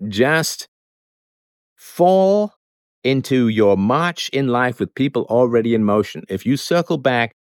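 A man's voice: medium pitch, lively intonation, slow pace, no room sound, clean studio sound. A man hosting a show, giving an emphatic, lecturing spoken monologue with mocking asides. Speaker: show host.

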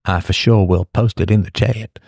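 A man's voice: fairly low pitch, steady tone, moderate pace, creaky, a little mellow, dry recording, clean studio sound. A man hosting a casual livestream, talking in a rambling, sardonic way with frequent restarts. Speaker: livestream host.

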